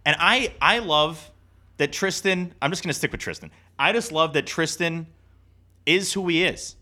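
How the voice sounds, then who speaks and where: Bright-voiced man in casual sports chat. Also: fairly high pitch, lively intonation, normal speed. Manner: rambling, self-interrupting, laughs often. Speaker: podcast co-host.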